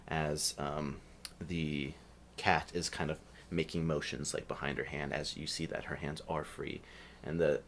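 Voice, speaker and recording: A man runs a tabletop game with a very deep voice. He narrates in a relaxed, easygoing way and laughs often. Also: a little hiss or hum. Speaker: game master.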